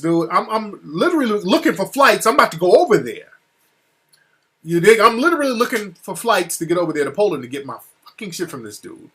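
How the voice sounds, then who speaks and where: A man talking casually as an interview guest, telling a profane, animated story that gets heated. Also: high-pitched, breathy edge. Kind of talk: casual phone-style conversation. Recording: call audio cutting out.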